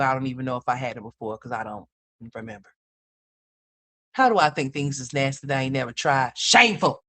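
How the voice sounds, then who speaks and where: A woman hosting a livestream, reacting to chat in a loud, profane, animated way and calling viewers "y'all" and "honey.". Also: low voice. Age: adult mother. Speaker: livestream host.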